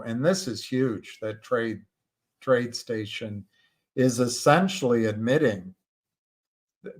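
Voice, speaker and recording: A man hosting a casual livestream, talking slowly and haltingly with many restarts as he reads viewer chat. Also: medium pitch. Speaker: livestream host.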